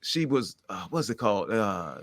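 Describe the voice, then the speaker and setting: A man's voice: fairly low pitch, sing-song, moderate pace, dry recording, studio quality. A middle-aged man talking candidly and at length, rambling and acting out the conversations he recounts. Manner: rambling, earnest, acts out quoted exchanges. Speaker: podcast guest.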